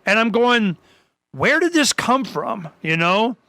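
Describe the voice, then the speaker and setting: A man hosting a talk radio show, chatting casually in a rambling way with many restarts and lively acted-out quotes. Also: high voice, slow, no echo.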